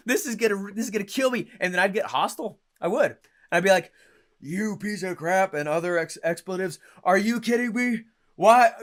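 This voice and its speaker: An energetic young man coaching an audience on marketing, his voice sitting a little higher than most men's. He talks in short punchy bursts and keeps asking "right?" and "okay?" as he goes. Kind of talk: stage-style teaching talk.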